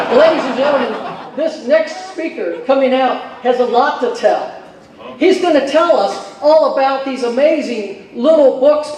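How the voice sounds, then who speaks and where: A man emceeing on a convention stage, telling jokes and introducing speakers in a folksy, animated way. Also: very high voice. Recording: echoey hall from far off.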